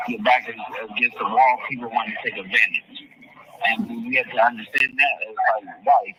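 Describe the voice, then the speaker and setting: Man on a noisy jail phone line. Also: medium pitch. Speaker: incarcerated caller on a jail phone call. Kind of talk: casual phone conversation.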